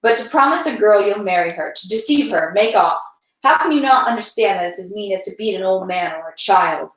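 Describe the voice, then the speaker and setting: A woman's voice: mid-range voice, lively intonation, brisk, reverberant, close to an everyday voice, low-quality recording. Woman reading as an enraged young nobleman. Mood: stern, furious. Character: enraged, awkward young nobleman confronting a rake.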